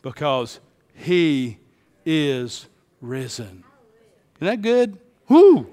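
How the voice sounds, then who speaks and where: Pastor guy preaching, slow and dramatic, highish voice, big echoey church hall. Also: big pitch swings. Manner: dramatic, swings from hushed to shouting. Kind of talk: sermon.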